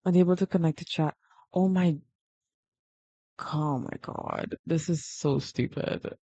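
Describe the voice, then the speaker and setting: A woman's voice: low-pitched, measured pace, mellow, breathy edge, no room sound, lo-fi sound. Flustered woman livestreaming her drawing. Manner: flustered, exasperated, self-deprecating. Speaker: art livestreamer. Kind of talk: casual livestream chat.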